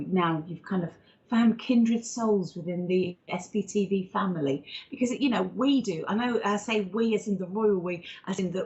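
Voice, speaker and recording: A woman's voice: medium pitch, a little mellow. A woman co-hosting a live psychic stream, chatty, giggly and teasing in casual talk. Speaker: co-host, psychic medium. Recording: dull lo-fi stream audio.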